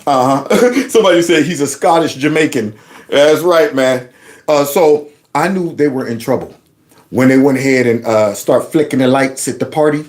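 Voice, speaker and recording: A man's voice: mid-range voice, moderate pace. A man hosting his own show, giving playful, mocking casual commentary on news clips. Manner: mocking, playful, acts out quotes. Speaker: host.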